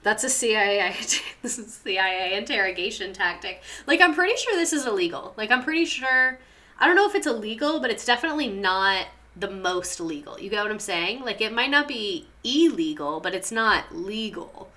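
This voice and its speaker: Young woman chatting on a livestream, bright voice, rambly and full of "like". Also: mid-range voice, animated, normal speed. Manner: chatty, rambling, lots of "like" and laughs. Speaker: livestream host reading viewer stories. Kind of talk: casual livestream chat.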